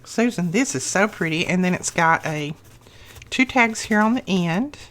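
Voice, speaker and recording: A middle-aged woman hosting a crafting channel, gushing over happy mail she unboxes in a slow, lingering way. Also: fairly low pitch, expressive, fairly bright tone. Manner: gushing, effusive.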